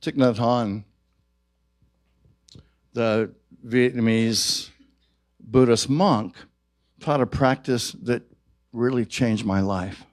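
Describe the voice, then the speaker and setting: Man, minister, sermon, unhurried, soft-spoken, rises for emphasis, dry sound. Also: mid-range voice, fairly even intonation, no room sound. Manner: slow, gentle and reflective, rising for emphasis. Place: church service.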